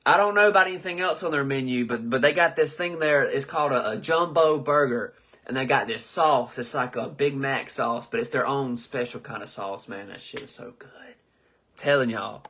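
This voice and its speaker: A man's voice: mid-range voice, moderate pace, a bit bright. A man in his twenties hosting a live comedy chat, reading viewer comments and joking loosely with lots of swearing. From southern United States. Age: 20s. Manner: loose, profane, joking, stumbles over names. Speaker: host.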